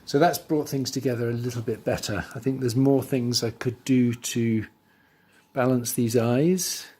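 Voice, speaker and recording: A man teaching drawing, talking through his steps as he works and trailing off quietly into asides. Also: mid-range voice. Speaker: art teacher. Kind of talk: drawing tutorial voice-over.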